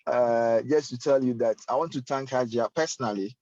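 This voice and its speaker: A man's voice: medium pitch, moderate pace, a little mellow, no echo. A man moderating a religious session, thanking the guest speaker in a hesitant way with many fillers. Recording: dull lo-fi sound.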